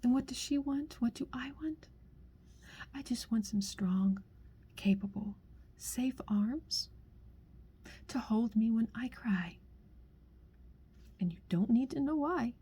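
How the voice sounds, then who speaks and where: A woman's voice: a little high, animated, slow, pauses often, mellow, slightly rough. A middle-aged woman speaking an earnest, heartfelt monologue that often drops to a half-whisper as she pleads. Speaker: speaker sharing a personal message.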